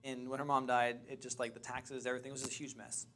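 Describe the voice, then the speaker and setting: A man in a training session, telling animated stories about finding property to a class. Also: mid-range voice, quick pace. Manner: animated, chatty, restarts and laughs. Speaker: real estate investing trainer. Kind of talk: lively storytelling to a class.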